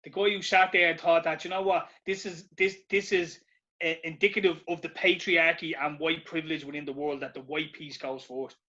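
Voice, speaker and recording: Blunt sweary guy, kinda high and bright, muffled podcast mic. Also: little pitch movement, fairly quick. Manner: blunt, sweary, agreeing asides. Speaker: podcast co-host. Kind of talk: casual podcast chat. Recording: dull lo-fi podcast audio.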